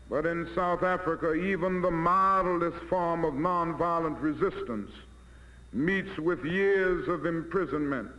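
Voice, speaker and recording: A man's voice: high-pitched, a bit bright. An American man giving a formal public address, with a rhetorical style that builds on repeated phrases, in an archive recording from the 1960s. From United States. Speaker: civil rights leader giving an address. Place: large hall before an audience. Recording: roomy, dull 1964 archive recording.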